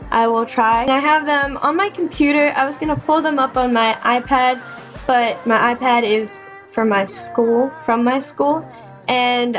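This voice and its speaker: A young woman vlogging casually, hesitant with many fillers and restarts as she reads fan fiction aloud. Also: fairly high pitch.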